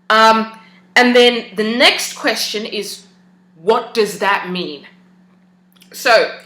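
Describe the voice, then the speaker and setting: A woman with a bright, clear voice talks in a relaxed, personal way. She often hesitates and restarts her sentences. The room around her rings with a noticeable echo. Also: mid-range voice. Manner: conversational, hesitant, many fillers and restarts. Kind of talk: casual personal talk. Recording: echoey room.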